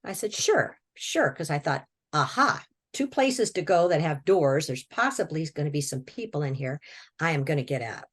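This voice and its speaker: A woman's voice: deep voice, big pitch swings, normal speed, husky. A woman from Washington state telling her own story as an interview guest, in a folksy, plainspoken way with repeated words and short laughs. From Washington state, USA. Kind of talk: personal storytelling, recounting a near-death experience.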